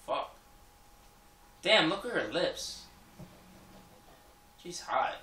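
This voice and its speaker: A man commentating on gameplay, cursing loudly and laughing with frequent outbursts. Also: a little high, sing-song, very slow, far from the mic. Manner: profane, loud outbursts, laughing. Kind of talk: let's play commentary. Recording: echoey room, game music behind.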